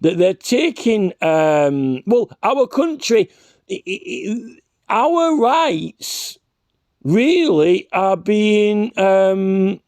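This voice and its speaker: This man's voice sits high and is expressive, with a darkish tone captured in a dry recording. He's a reaction vlogger delivering combative, ranting commentary, repeatedly confronting the man he argues with while stammering and restarting his sentences.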